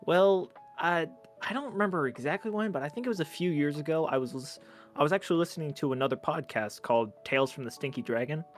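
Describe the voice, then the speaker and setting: A man's voice: on the high side, fast, faint music behind. A man being interviewed as a guest on a podcast, talking casually in a modest, slightly hesitant way. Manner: modest, a bit hesitant, with restarts. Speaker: guest, aspiring voice actor.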